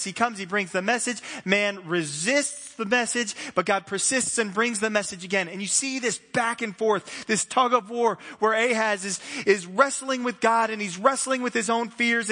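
A man preaching a sermon as a pastor in a church, in a lively, conversational way with many restarts. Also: sits high. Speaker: site pastor. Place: church sanctuary. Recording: long church hall reverb.

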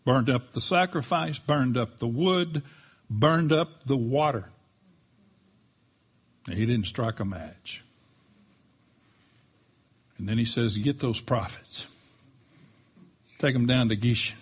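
A man preaching a sermon as a pastor, telling the story with animated delivery and acting out the quoted lines. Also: mid-range voice, slow, pauses often, husky.

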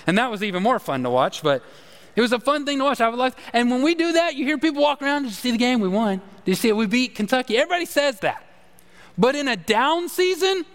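A man's voice: high voice, a bit bright, big-room sound. A man preaching a sermon with emphasis, asking his congregation questions. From Texas. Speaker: pastor.

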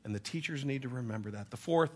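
A man preaching a conversational sermon, acting out quoted voices and swinging from loud emphasis to hushed asides. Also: mid-range voice, quick pace. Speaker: pastor.

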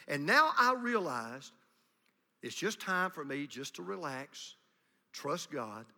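A man preaching a sermon as pastor, swinging from hushed asides to loud, emphatic declarations. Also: fairly high pitch. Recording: long reverb of a large hall.

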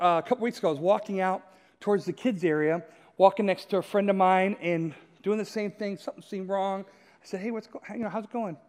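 A male pastor with a notably high voice gives a relaxed, story-driven sermon. He keeps turning to the listeners with a quick "right?". His voice rings out with a long church-hall reverb. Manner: storytelling, often checks in with "right?". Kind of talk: conversational sermon.

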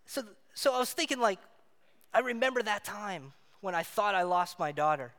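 A man preaching a sermon, telling a personal story in an animated way and acting out the voices in it. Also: high voice, a little fast, creaky. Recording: long hall reverb.

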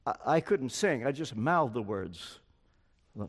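A man's voice: medium pitch, animated, a little slow. An older man preaching a sermon, telling a story and acting out the quoted lines of its people. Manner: storytelling, acts out quoted dialogue. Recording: long hall reverb.

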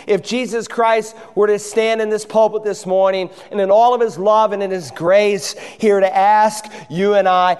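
High-voiced preaching man, reverberant hall. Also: steady tone, moderate pace, hardly any pauses, a little mellow, smooth. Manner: impassioned preaching, acting out quoted voices. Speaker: pastor. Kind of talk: sermon. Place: church sanctuary.

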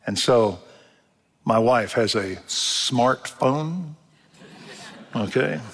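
Older pastor, folksy storyteller. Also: male voice, mid-range voice, lively intonation, very slow, fairly bright tone, husky. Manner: folksy storytelling, acts out quotes. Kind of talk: sermon. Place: church sanctuary. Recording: long reverb of a church hall.

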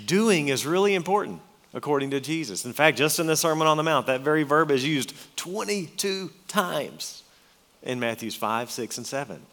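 A man's voice: a little high, lively intonation, moderate pace, fairly bright tone. A man preaching a sermon, earnest and emphatic, reading scripture aloud and explaining it. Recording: long hall reverb.

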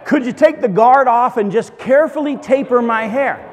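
A male preacher with a rather high voice tells a funny personal story from the pulpit. He sounds conversational and easygoing, as if chatting with the congregation. His voice carries a long reverb from a large church hall. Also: moderate pace. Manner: conversational, humorous anecdotes. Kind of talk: storytelling sermon.

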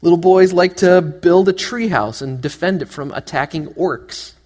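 A man delivering a sermon with an animated, joking manner, firing rhetorical questions at his congregation. His voice sits a little high for a man. The sound carries a long reverb from a large church hall. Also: normal speed. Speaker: pastor.

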